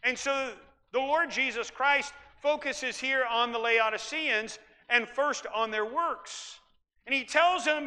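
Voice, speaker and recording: A middle-aged man from Iowa preaching a sermon as pastor, emphatic and folksy, rising at times to shouts. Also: very high-pitched, slow. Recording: long hall reverb.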